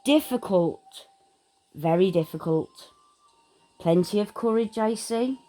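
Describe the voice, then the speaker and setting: A woman voicing an old talking magic hat in a storybook reading, speaking in a slow, drawn-out, musing way. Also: medium pitch, expressive, mellow.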